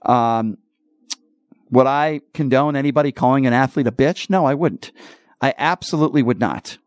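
Male radio host, dry studio sound, forceful opinion monologue. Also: mid-range voice, normal speed, no echo. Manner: emphatic, ranting, repeats points.

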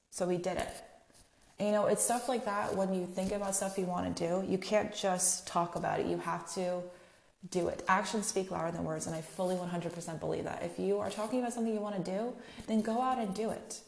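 A woman's voice: lowish voice, gravelly, a little mellow. A young woman hosting a podcast, talking on her own in a chatty, candid way and swearing freely. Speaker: podcast host. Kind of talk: casual solo podcast monologue. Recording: echoey room.

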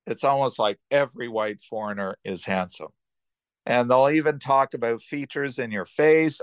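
A man's voice: medium pitch, moderate pace, no room sound, studio quality. An older man, casually telling rambling personal travel stories as a podcast host, full of restarts and asides. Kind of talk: casual storytelling.

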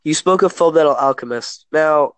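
A man's slightly high voice, at a moderate pace, comes through in a dry recording as he chats casually. He is from Kentucky, USA, speaks with an American accent, and rambles, often restarting sentences.

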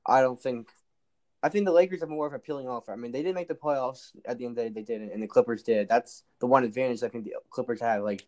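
A man's voice: mid-range voice, fast. Opinionated man giving sports takes. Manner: opinionated, repeats his points. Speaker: guest. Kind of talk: casual sports talk.

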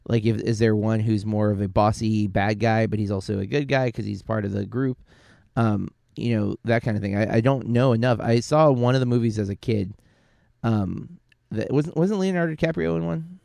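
A man's voice: lowish voice, normal speed, vocal fry, warm tone, dry recording. A man co-hosting a podcast, talking through a film in a casual, rambling way, often correcting himself and using fillers. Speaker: podcast co-host.

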